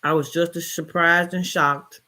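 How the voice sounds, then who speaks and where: A woman's voice: fairly low pitch, unhurried. Chatty woman telling a story. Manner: chatty, expressive retelling with colloquial asides. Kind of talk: reading a short story aloud, then casual storytelling.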